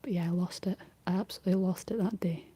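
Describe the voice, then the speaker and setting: A Scottish woman whispering softly in a rambling ASMR chat, answering her livestream viewers. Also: fairly low pitch, fairly even intonation, fast talker, breathy edge, no room sound. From Scotland.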